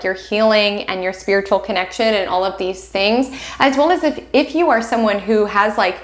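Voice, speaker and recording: A young adult woman hosting an astrology video, talking gently and reassuringly straight to her viewers. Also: medium pitch, echoey room. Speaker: astrology channel host. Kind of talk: direct-to-camera astrology forecast.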